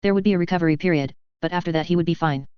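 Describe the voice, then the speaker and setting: Weary clinical young man, read by a woman, low voice, very clear. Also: racing, no echo, lightly acted. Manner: tired, clinical. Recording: slightly dull lo-fi.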